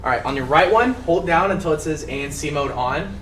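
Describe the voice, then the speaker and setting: A man's voice: a little high, brisk, fairly bright tone. Giggly bossy teen guy, roomy far mic. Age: teens. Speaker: student game leader. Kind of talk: casual chat, party game. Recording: roomy, distant mic, faint room noise.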